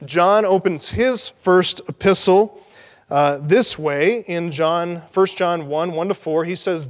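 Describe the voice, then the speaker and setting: High-voiced emphatic male preacher. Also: slow pace, long reverb tail. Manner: emphatic, repeats key words for stress. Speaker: pastor. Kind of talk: sermon.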